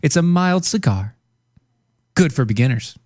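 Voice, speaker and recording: A man co-hosting a casual podcast, teasing his partner and pitching products playfully. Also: lively intonation, a little slow, a little mellow, no echo. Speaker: co-host.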